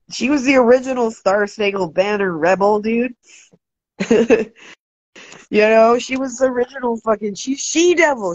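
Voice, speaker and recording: A woman's voice: fairly high pitch, husky, no room sound. Profane woman ranting on a livestream. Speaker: livestream host. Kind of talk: casual livestream chat. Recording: dry, dull lo-fi sound.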